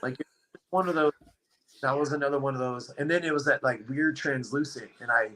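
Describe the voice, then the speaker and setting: A man telling a story on a podcast, in a rambling, animated way, leaning hard on "like.". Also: medium pitch, fairly quick, a little hiss or hum, low-quality recording. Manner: rambling, animated, heavy use of "like". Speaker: podcast guest. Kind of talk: casual storytelling chat.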